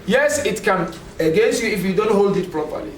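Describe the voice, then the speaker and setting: A man's voice: sits high, lively intonation, a little fast. A man giving a religious lecture to a class, speaking conversationally and often turning to the listeners with "you know". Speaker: religious teacher. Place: classroom at a community center. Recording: echoey room from far off, faint noise.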